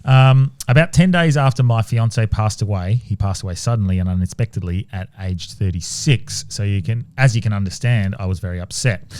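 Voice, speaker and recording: A man co-hosting a podcast, reading listener ghost stories aloud in a relaxed, casual way and sometimes stumbling and restarting mid-sentence. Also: lowish voice, a little fast, few pauses, no room sound. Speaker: podcast co-host.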